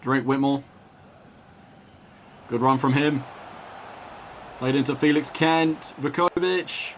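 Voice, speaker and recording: A man doing live play-by-play commentary, calling player names in quick bursts, chatting and laughing with viewers, and rising to shouts when a goal goes in. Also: mid-range voice, steady tone, slight background noise. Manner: chats and laughs with viewers between calls. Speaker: match commentator.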